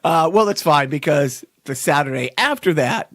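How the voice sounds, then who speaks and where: A man's voice: a little high, expressive, normal speed, a bit bright, no room sound, studio quality. A man hosting a podcast in casual chat, ranting in a sardonic way. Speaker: podcast host.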